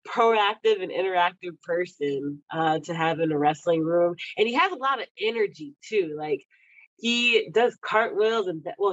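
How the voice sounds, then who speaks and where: A young woman from Texas talks casually as a podcast guest, laughing easily between her sentences. When she retells what someone said, she jumps up into a high, playful voice. The recording sounds a little dull and lo-fi, with a dry, close sound and no room echo. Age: young adult. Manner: giggly, laughs often between phrases. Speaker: podcast guest, Olympic wrestler. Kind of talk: casual interview chat.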